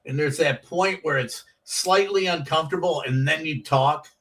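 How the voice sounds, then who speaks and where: A comedian telling animated stories from his years on the comedy circuit, acting out the voices of people in them. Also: on the high side, normal speed, distant mic, poor audio. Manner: animated storyteller, acts out quoted voices. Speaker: comedian guest. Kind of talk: casual storytelling.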